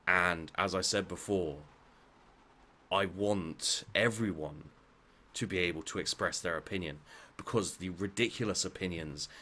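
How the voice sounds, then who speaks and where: A man's voice: low-pitched, unhurried, bright, forceful tone. A man ranting bluntly about his opinions, swearing often and restarting his sentences. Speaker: vlogger. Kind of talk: heated opinion rant.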